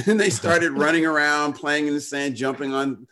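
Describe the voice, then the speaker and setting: A co-host joining a casual chat in short lively bits. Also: mid-range voice, moderate pace.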